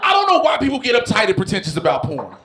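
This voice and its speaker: Loud, profane man doing stand-up. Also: high-pitched, wildly swooping pitch, racing. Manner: loud, profane, bursts of shouting and laughter. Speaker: stand-up comedian. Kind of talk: stand-up set. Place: live comedy show in a tavern. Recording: stage mic with loud noise.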